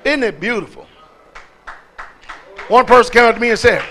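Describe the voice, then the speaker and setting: A man's voice: extremely high pitch, moderate pace, long pauses, sharp tone, slight background noise. A man preaching a sermon as pastor, calling out questions to the congregation and repeating words for emphasis.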